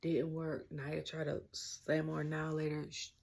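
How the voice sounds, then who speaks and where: Low, gravelly Southern woman ranting casually. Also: completely flat delivery, moderate pace, darkish tone. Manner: chatty, rambling, slangy, full of "like" and "stuff like that". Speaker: wrestling show reviewer. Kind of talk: casual rant-style review.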